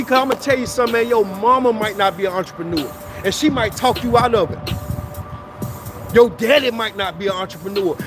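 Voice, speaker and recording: A man, preaching motivation in a livestream rant outdoors, repeating himself and slipping into a sing-song. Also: extremely high pitch. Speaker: motivational streamer. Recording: music playing loud in the background.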